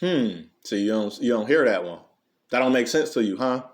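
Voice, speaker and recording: A man, delivering an unscripted monologue in a preachy way, full of rhetorical questions and animated storytelling. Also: mid-range voice, normal speed. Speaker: commentary channel host.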